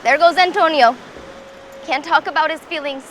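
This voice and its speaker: A woman's voice: high voice, moderate pace, noisy background, lightly acted. An actress playing a young woman in a film drama, ending things with her angry boyfriend in a cutting, weary, pleading way. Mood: bitter, resigned. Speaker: film character in a played clip.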